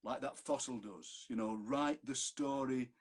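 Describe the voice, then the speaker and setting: Husky Yorkshire man reading poems. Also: medium pitch, a little slow. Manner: chatty, jokey, reads verse aloud. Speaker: poet reading at an online fundraiser. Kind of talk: poetry reading with chat. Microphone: video call.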